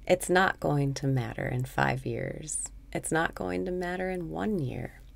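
A woman with a very deep voice guides a meditation at a slow, unhurried pace. Her tone is soothing, and a gravelly, creaky texture runs through her words. Now and then she sinks into a soft whisper.

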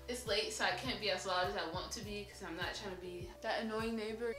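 A woman's voice: medium pitch, fairly even intonation, a little fast, few pauses, over loud music, poor audio. A woman in her twenties chatting casually at home while getting ready, upbeat and laughing often. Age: 20s. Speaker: YouTube vlogger. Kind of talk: casual get-ready-with-me chat.

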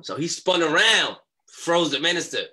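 New guy, young, lively storytelling, bright forward voice, acts out quotes. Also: fairly high pitch, normal speed, slightly rough. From New York. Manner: animated street talk, acts out quotes. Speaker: podcast guest. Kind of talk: storytelling in a podcast interview.

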